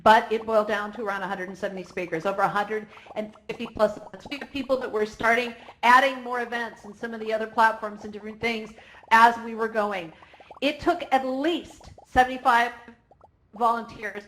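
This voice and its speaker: An excitable woman delivers the closing speech for a conference held in virtual reality. Her voice sits a little high, and she laughs often and gets emotional between thank-yous and numbers. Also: brisk. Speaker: conference organizer.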